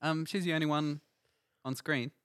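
A man's voice: fairly high pitch, fairly even intonation, normal speed, a bit bright, no echo, clean studio sound. A man co-hosting a casual chat about films, jokey and chatty. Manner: jokey, chatty, repeats words.

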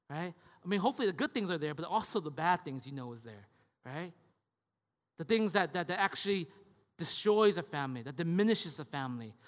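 A man's voice: a little high, a bit bright, big-room sound. A male pastor preaching a conversational sermon, often restarting words and checking in with his listeners.

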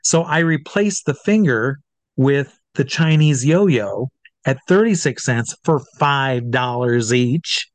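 A man working as a stage hypnotist, telling anecdotes in an interview in an animated way and acting out what others said. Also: medium pitch, slow pace, dry recording. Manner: animated, acts out quotes of others. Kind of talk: storytelling in a conversational interview.

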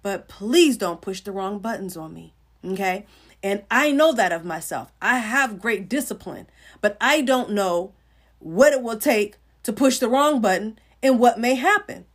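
A woman's voice: mid-range voice, expressive, measured pace, slightly rough. A middle-aged woman giving an informal sermon on a livestream, talking earnestly and conversationally to viewers and greeting them by name. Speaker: Christian livestream host.

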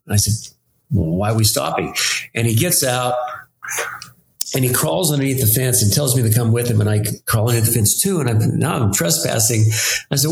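A man's voice: mid-range voice, creaky, darkish tone. An older man telling long, rambling stories in a friendly, chatty way, quoting other people's words as he goes. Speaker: winemaker. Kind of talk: anecdotal storytelling. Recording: roomy room with faint background noise.

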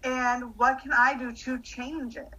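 A woman's voice: high-pitched, flat delivery, a little slow, sharp tone, lo-fi sound. A woman hosting a casual talk, speaking in a reflective, encouraging way. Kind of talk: casual conversation.

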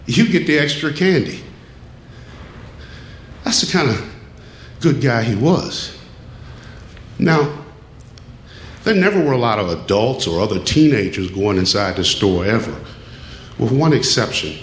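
A man telling a true personal story on stage, measured and plain, dropping his voice low at times. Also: lively intonation. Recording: echoey room with faint ambience.

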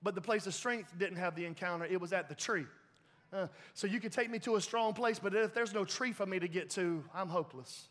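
A man preaching a sermon as pastor, animated and laughing often, in a church sanctuary with a reverberant hall sound. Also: sits high, fairly quick.

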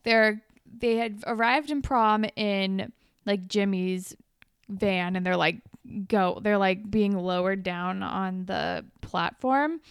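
A woman's voice: medium pitch, slow pace, gravelly, clear, resonant tone, no echo, clean studio sound. A young woman co-hosting a podcast, chatting casually, swearing and acting out characters in raised voices. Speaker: podcast co-host. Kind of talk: casual recap chat.

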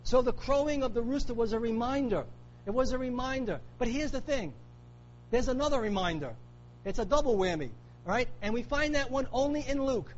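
A man's voice: extremely high pitch, lively intonation, brisk, lo-fi sound, a little hiss or hum. A man preaching a sermon, emphatic, repeating key phrases for weight. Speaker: pastor.

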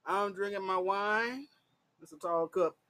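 A man, slightly drunk, tells a raw personal story to camera. His voice sits a little high and sounds bright and sharp, and he laughs loudly and swears constantly. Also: a little slow. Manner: loud, crude and laughing, swings into high shouting. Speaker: vlogger.

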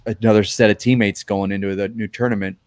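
A man's voice: fairly low pitch, fast talker, no echo, studio quality. A man chatting casually as a guest on a late-night podcast, swearing freely and acting out other people's lines. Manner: animated, swearing, acts out others' lines in raised voice.

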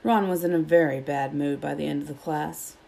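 A woman reading a children's novel aloud, with steady, plain narration. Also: sits low, fairly quick, vocal fry. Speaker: storybook reader.

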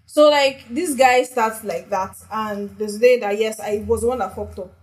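A woman's voice: a little high, moderate pace, low-quality recording. A young woman who talks frankly and swears freely as a podcast co-host in casual chat.

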